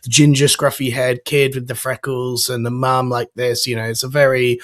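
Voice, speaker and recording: Excited male live-show host, dry sound. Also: mid-range voice, normal speed, no echo. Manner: enthusiastic, chatty, lots of fillers. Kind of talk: live stream chat show.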